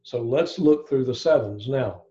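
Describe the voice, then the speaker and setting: A man's voice: mid-range voice, a little slow, warm tone, dull audio. A man giving an informal evening Bible study, thinking aloud with frequent restarts and asides.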